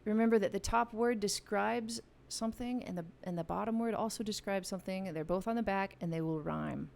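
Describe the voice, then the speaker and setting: A woman's voice: mid-range voice, fairly quick, gravelly, darkish tone. Playful, chatty woman hosting a live online game, talking straight to viewers on a studio mic. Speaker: music channel host running a live game. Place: home music room with a piano. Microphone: studio vocal mic.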